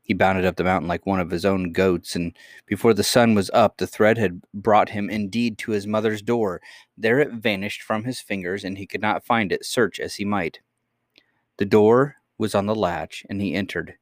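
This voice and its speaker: Male narrator for a read-aloud storybook: measured, calm, fairly low voice, dry close sound. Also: no room sound. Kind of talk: reading a children's storybook aloud.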